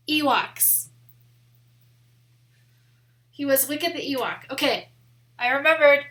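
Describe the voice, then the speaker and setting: A young woman from the American Midwest, chatting casually on a live stream in a rambling way, full of "like" and quick laughs. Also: high-pitched, a bit bright. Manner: chatty and rambling, heavy use of "like", laughs often. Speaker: photography streamer.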